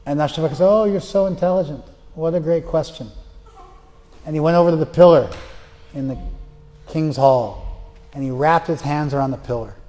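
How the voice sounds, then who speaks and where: A man's voice: on the high side, moderate pace, pauses often, mellow, big-room sound. A man giving a spiritual lecture who chants verses and then explains them in plain words, telling stories with voices. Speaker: spiritual teacher. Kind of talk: lecture on scripture. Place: class room.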